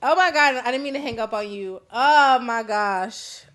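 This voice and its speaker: A woman's voice: fairly high pitch, normal speed, fairly bright tone. A young adult woman hosting a casual live-stream call-in show, talking candidly, swearing freely and laughing often. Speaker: host.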